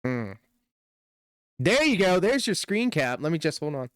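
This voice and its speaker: Male reaction streamer, slightly high voice, sarcastic, dry close-mic sound. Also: sing-song, unhurried, fairly bright tone, clean tone, no echo. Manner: sarcastic, laughs often. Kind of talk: casual reaction commentary.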